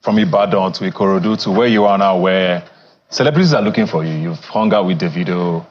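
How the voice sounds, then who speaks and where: A male TV interviewer who asks measured, probing questions. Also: sits low, lo-fi sound, slight background noise.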